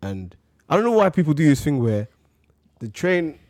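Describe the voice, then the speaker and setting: A man's voice: on the high side, very animated, moderate pace, darkish tone, no echo, studio quality. A young man, telling stories in casual chat as a podcast co-host, building rhythm by repeating words.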